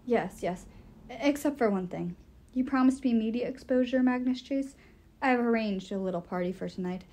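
A woman's voice: a little high, moderate pace, mellow, natural voice. A woman voicing a pompous, greedy elderly male elf lord who talks in a haughty, commanding way.

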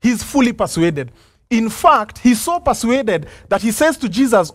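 A pastor preaching a sermon, earnest and reflective, asking rhetorical questions and sometimes stumbling over restarts. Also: male voice, extremely high pitch, big pitch swings, measured pace, no room sound. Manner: hesitant restarts and fillers.

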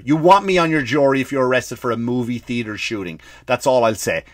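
An Irish man hosting a comedy podcast, ranting and swearing freely, breaking into loud acted-out bursts. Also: mid-range voice, moderate pace, dry recording, studio quality. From Ireland. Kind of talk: comedic rant.

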